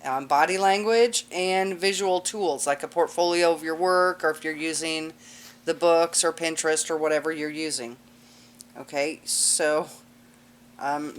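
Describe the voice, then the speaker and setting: A woman teaching a cosmetology class in a casual, chatty lecture with lots of fillers. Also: fairly low pitch. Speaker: cosmetology instructor.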